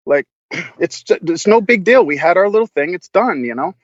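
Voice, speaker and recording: A man's voice: high-pitched, very animated, moderate pace, dry recording, dull audio. A man guesting on a podcast, telling stories casually, laughing a lot and swearing freely with many restarts. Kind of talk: casual storytelling.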